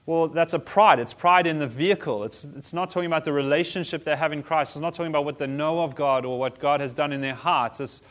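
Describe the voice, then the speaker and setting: A man's voice: fairly high pitch, fast, hardly any pauses, a bit bright. Man teaching casually to a group. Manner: conversational, self-correcting, with humorous asides. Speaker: teacher of a church class. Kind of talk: informal teaching talk.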